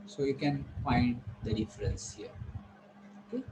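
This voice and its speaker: A man teaching vowel sounds, saying each example word slowly and repeating it. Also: medium pitch, background noise. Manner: slow, repetitive, modelling each word carefully. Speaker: English pronunciation teacher. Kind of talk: classroom lesson on vowel sounds.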